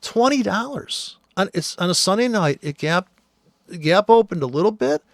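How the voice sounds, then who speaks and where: A man talks through trading charts in a blunt, exasperated rant full of swearing. His voice sits high for a man. The sound is dry and close, with no room echo. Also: lively intonation, normal speed. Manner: blunt, profane, exasperated ranting. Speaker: trader. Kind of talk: screen-share chart commentary.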